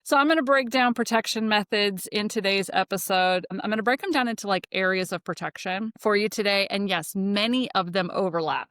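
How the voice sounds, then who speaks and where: A woman hosting her own podcast, talking casually and swearing a lot, fired up and ranting, then calming herself down. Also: mid-range voice, fairly quick, few pauses, no echo, clean studio sound. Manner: profane, animated, ranting then self-calming. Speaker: podcast host.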